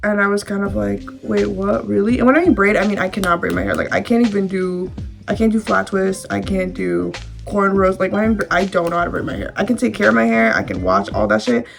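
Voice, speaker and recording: A young woman talks candidly to the camera, chatting through a personal story with plenty of fillers and the odd swear word. Her mid-pitched voice has a gravelly fry, and soft instrumental music plays faintly behind her. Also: steady tone, quick pace. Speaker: vlogger.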